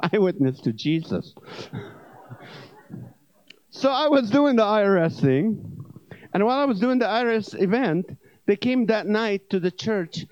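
A man's voice: sits high, no room sound. Joking male evangelist preaching. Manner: animated, joking, swings between loud punchlines and quiet asides. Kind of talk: comedic sermon storytelling. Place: church service. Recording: dull dry lo-fi sound.

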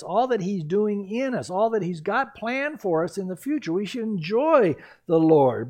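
A lively man preaching a Bible teaching sermon, his voice pitched fairly high and swinging widely up and down. He talks in an animated way, acting out the characters as he goes. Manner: animated, acts out quoted voices and reactions, laughs at his own asides. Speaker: pastor.

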